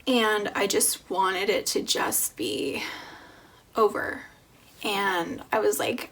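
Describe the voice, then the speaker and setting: A young woman talking casually in a pregnancy vlog, chatty and full of "like", with soft breathy asides. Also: mid-range voice, steady tone, takes it slowly. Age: young adult. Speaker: vlogger.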